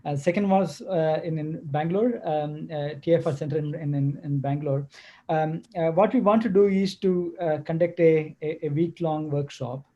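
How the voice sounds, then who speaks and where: A man from Kerala, India, answering questions as a guest lecturer in a webinar, speaking haltingly with many restarts over a video call. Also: a little high, dark tone, muffled recording. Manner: halting, hesitant, full of restarts.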